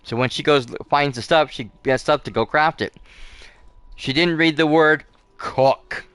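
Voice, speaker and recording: A man's voice: fairly high pitch, a little slow, fairly bright tone, clean tone, no echo. A man hosting a casual let's play, chatting in a rambling way with lots of fillers and restarts. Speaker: gaming channel host.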